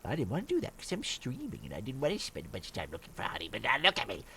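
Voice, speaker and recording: A man's voice: medium pitch, wildly swooping pitch, very fast, slight background noise. A man streaming a survival game, grumbling and swearing at his bad luck and mocking himself as he plays. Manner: grumbling, profane, self-mocking. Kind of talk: casual gameplay commentary.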